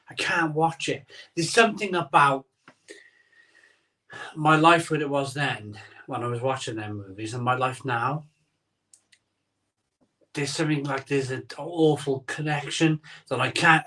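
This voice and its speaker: A man's voice: a little high, normal speed, pauses often, sharp tone, distant mic. A middle-aged man hosting a casual live stream, rambling and sentimental, reading chat comments aloud. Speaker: host of a live beer-drinking stream.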